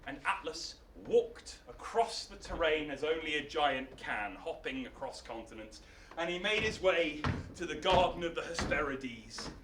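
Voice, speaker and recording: A man telling a myth on stage in a playful, animated live storytelling style. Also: on the high side, unhurried, distant mic, background noise. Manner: animated, playful, laughing asides. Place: arts centre stage, live show. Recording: roomy hall, mic from afar.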